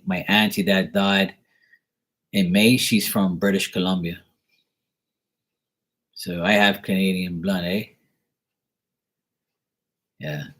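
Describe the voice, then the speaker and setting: With a deep, slightly bright voice, a man from Bermuda does live tarot readings and chats casually with his viewers. He rambles, jokes, and tells stories along the way.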